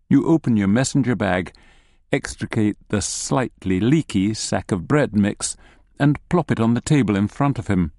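A man narrating a story in the second person, with a measured, wry delivery. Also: lowish voice, a little mellow, dry recording, studio quality.

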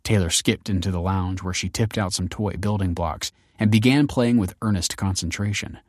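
Low-voiced male audiobook narrator. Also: no echo, clean studio sound. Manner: measured storytelling.

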